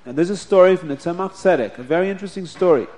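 A man telling a religious story to children in an animated, expressive way. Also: sits high, racing.

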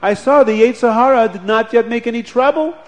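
A man voicing an elderly revered rebbe who speaks slowly and with authority. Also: very high-pitched, dull audio, pitched above the performer's own voice. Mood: explaining. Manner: slow, measured and commanding.

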